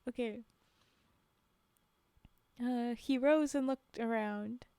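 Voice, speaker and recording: A woman streamer reads folktales aloud on a live stream, stopping between passages for laughing asides to her chat. She speaks slowly in a slightly high, mellow, smooth voice with no echo.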